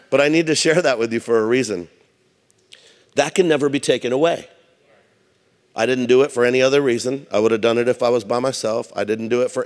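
A man preaching a sermon as pastor, telling stories and acting out the voices of the people in them. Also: medium pitch. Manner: animated storytelling, acts out quoted voices. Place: church sanctuary. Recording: reverberant church hall.

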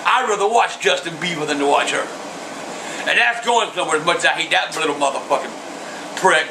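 An older man, a grandfather, ranting and cursing loudly at the television in his living room. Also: fairly high pitch, brisk, roomy sound, background noise. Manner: shouting, cursing. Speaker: grandfather reacting to a televised verdict. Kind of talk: profane angry ranting.

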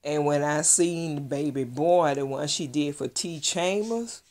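A woman's voice: low-pitched, a little slow, a little mellow. A woman vlogger telling a heartfelt, gushing story in a casual chat, close to tears. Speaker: doll collector vlogger. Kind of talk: casual vlog reveal.

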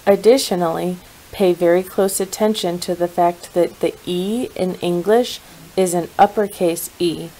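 A woman teaching a spelling lesson, clear, steady and instructive. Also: fairly low pitch, measured pace, low-quality recording.

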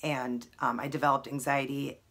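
A woman in her thirties speaks straight to her camera at home, earnest and close to tears, with plenty of ums. Her voice sits very low and sounds husky. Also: flat delivery, moderate pace, fairly bright tone. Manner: emotional, earnest, many fillers. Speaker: vlogger. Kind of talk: personal talk to camera.

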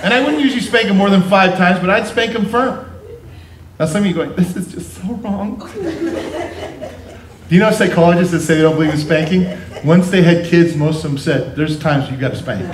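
A middle-aged pastor with a high voice delivers his sermon at a brisk clip, with slight background noise in the roomy, distant church recording. He relates family stories to his congregation, tossing in playful asides and doing voices.

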